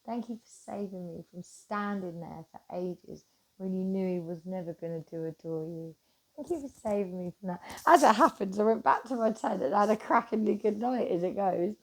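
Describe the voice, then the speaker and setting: Gravelly, animated woman. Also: mid-range voice, moderate pace. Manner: animated, swears freely, swings from loud to hushed. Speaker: vlogger. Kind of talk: casual chat to camera.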